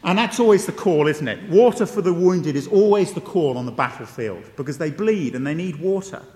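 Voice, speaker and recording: A man's voice: fairly high pitch, lively intonation, brisk, darkish tone. A man preaching a sermon, conversational and emphatic, with wry asides and repeated key phrases. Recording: long reverb of a large hall.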